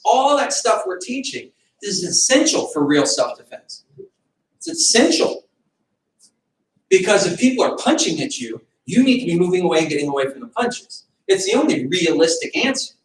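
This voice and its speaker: Animated man teaching self-defense. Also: sits high. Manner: animated, acts out fight scenarios with sudden shouts. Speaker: martial arts instructor. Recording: echoey room from far off.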